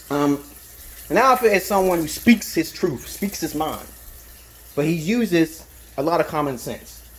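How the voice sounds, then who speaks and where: A man from Brooklyn, ranting profanely and emphatically in an unscripted monologue as a self-styled dating advisor. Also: fairly high pitch. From Brooklyn, New York.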